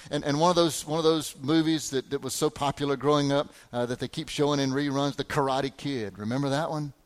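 A middle-aged man preaching a sermon, animated, full of rhetorical questions and repeated words. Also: a little high. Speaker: pastor.

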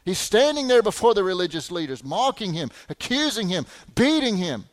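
A middle-aged man preaching a sermon, animated, full of rhetorical questions and repeated words. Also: sits high, normal speed. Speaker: pastor.

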